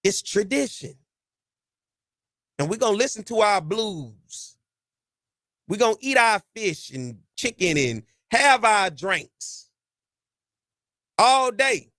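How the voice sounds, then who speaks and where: A man hosts a sports talk podcast in a high, bright voice. He preaches his points with lively swings in pitch and folksy slang. The sound is close and dry. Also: takes it slowly, long pauses, no echo. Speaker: podcast host.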